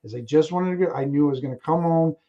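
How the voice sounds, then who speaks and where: A man co-hosting a live stream, remembering things aloud in a halting, reflective way. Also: on the high side, warm tone, muffled recording. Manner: halting, reflective, many restarts. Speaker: co-host. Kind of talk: casual live-stream chat.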